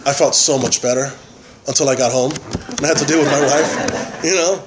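Halting man sharing his recovery story. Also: mid-range voice, fairly even intonation, background noise. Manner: halting, many fillers and tag questions. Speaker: member sharing at a recovery meeting. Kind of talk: personal testimony.

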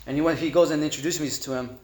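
Halting man sharing his story, echoey room. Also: fairly high pitch, fairly even intonation, darkish tone. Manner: halting, repeats words, conversational fillers. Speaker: recovery meeting speaker. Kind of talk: personal testimony.

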